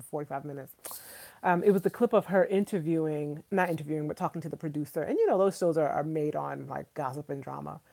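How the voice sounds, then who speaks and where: A woman hosts a relaxed livestream, talking straight to her viewers. Her voice sits a little low for a woman, and she gushes enthusiastically, circling back to the same words for emphasis. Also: gravelly. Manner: chatty, enthusiastic, addresses viewers as y'all; repeats herself for emphasis. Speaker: livestream host. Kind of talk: casual livestream chat.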